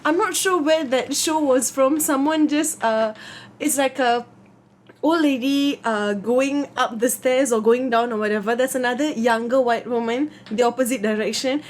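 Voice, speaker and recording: Giggly high-voiced woman co-host. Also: normal speed. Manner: giggly, rambling, keeps breaking into laughter. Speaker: podcast co-host. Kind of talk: casual late-night chat.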